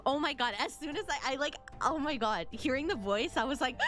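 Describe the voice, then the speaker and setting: A young adult woman streaming a video game, chatting excitedly to her viewers, often repeating herself and singing silly snippets. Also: sits high, moderate pace, hardly any pauses, soft background music. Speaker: VTuber streamer. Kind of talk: casual gaming stream chat.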